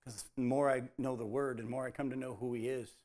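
A man's voice: mid-range voice, fairly even intonation, a little fast, darkish tone. A man preaching a sermon, telling the story and acting out the quoted lines as dialogue.

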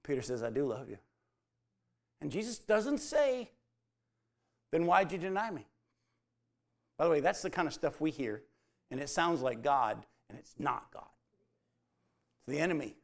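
A man's voice: on the high side, very animated, moderate pace, pauses often. A man preaching a sermon, telling the story and acting out the quoted lines as dialogue.

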